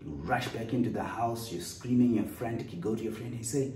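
A man's voice: lowish voice, fairly even intonation, fairly quick, few pauses, mellow. A man preaching a sermon with an earnest, storytelling delivery, recorded in a church. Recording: roomy echo, distant mic, faint noise.

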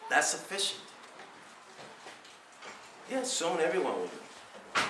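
Impassioned preacher in an echoey hall. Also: male voice, fairly high pitch, wildly swooping pitch, slow pace, background noise. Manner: impassioned, rhetorical questions, swells to near-shouts. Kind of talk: Friday sermon. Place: prayer hall. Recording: echoey room, voice from far off.

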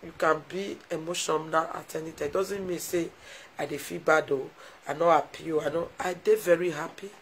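A woman's voice: low voice, fairly even intonation, moderate pace, slight background noise, rough recording. Effusive Nigerian woman live-streaming. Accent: Nigerian Pidgin English. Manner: effusive, thanks viewers warmly and often; emotional, heartfelt. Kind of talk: casual live-stream chat to viewers.

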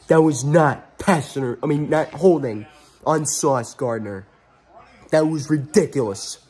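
A man's voice: a little high, a little mellow, slightly rough. A man hosting his own sports fan channel, ranting angrily after a game and repeating himself for emphasis. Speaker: sports fan vlog host.

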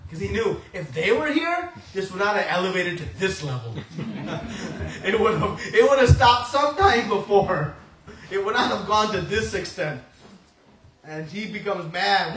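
A man preaching a devotional storytelling lecture in an animated way, acting out voices and laughing often, heard from a distance in an echoey room. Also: sits high, measured pace.

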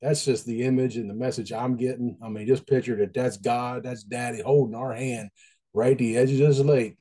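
A man gives a casual devotional talk in a mellow, relaxed voice. He speaks in a folksy, conversational way and circles back to repeat his points. His pitch sits in an ordinary middle range. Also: normal speed.

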